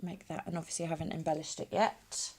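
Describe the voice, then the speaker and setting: A woman hosting a craft tutorial, hesitant with many ums, dropping to soft murmurs as she works with her hands. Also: low voice, steady tone, quick pace, slight background noise. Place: home craft space.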